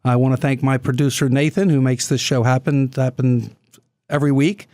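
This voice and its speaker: A man of ordinary pitch hosts a business podcast, asking casual questions and often restarting his phrases. His voice is recorded close and dry. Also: fairly even intonation, moderate pace, a little mellow, dry recording.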